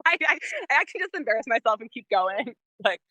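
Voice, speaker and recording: Bright-voiced young woman, rambling chat. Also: a little high, sing-song, fast talker, no echo, poor audio. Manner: rambling, heavy use of "like", laughs often. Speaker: musician guest. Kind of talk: casual podcast chat.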